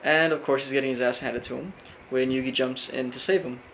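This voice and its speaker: A man casually recapping a cartoon episode, rambling with lots of fillers and flat quoted lines. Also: medium pitch, brisk, slight background noise, low-quality recording. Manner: rambling, full of fillers, quotes characters flatly. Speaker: recap host.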